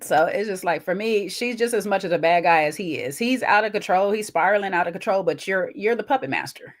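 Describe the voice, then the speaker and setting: A woman co-hosting a casual recap show, talking in an animated, sassy way and acting out what people said. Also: mid-range voice, a little fast. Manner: animated, sassy, acts out quotes. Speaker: podcast co-host. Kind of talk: casual reality-TV recap chat.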